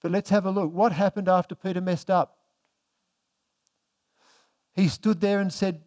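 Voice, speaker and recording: A pastor preaching a sermon, asking the congregation rhetorical questions and swinging between emphatic and hushed delivery. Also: male voice, high-pitched, fairly even intonation, unhurried, pauses often.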